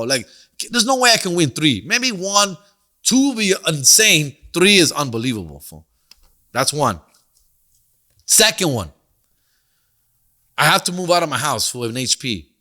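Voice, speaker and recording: A man's voice: a little high, sing-song, normal speed, bright, forceful tone. Slangy, profane Los man. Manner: profane and slangy, mixing in Spanish phrases. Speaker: podcast host and comedian. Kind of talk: casual storytelling monologue.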